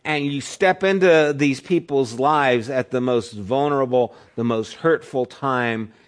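A middle-aged pastor delivers a sermon in an unhurried, mid-range voice, telling it like a conversational story. When he quotes someone, he acts it out in a raised voice.

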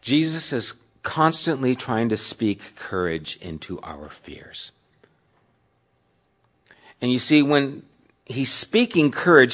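Man, pastor, sermon, chatty, questions the congregation, loud points and quiet low asides, mid-pitched voice. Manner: conversational, asks the audience questions; swings between loud emphasis and soft, low asides.

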